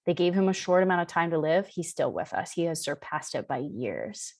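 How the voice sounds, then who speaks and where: Soft-spoken woman sharing spiritual stories. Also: deep voice, very animated, brisk, gravelly. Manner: casual, warm-hearted storytelling with frequent ums. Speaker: spiritual teacher. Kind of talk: live online session talk.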